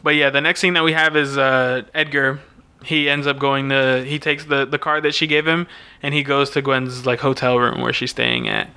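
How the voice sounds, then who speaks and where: A man's voice: medium pitch, normal speed, clear, resonant tone. A man co-hosting a podcast, casually recapping a movie scene by scene and acting out the characters' lines. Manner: animated retelling, acting out dialogue. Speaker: podcast co-host.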